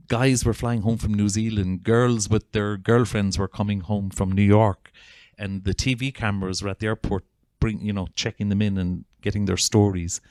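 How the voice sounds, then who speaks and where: Northern Irish male therapist, interview guest; low, dry, earnest and persuasive. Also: dry recording. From Northern Ireland (Armagh). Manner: earnest, persuasive, animated storyteller. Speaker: guest, Gestalt psychotherapist. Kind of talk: conversational storytelling.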